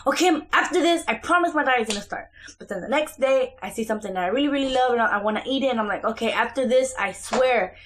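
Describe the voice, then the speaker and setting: A young mother talks to the camera in a relaxed, rambling home vlog, her voice a touch high. She keeps circling back with fillers and restarts as she chats from her kitchen. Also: very fast, hardly any pauses, a little hiss or hum. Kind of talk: casual chatty life update.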